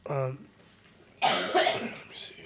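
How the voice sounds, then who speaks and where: A man's voice: extremely slow, fairly bright tone, slight background noise. A man chatting casually on a livestream at home, laid-back and teasing with his viewers. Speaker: game streamer.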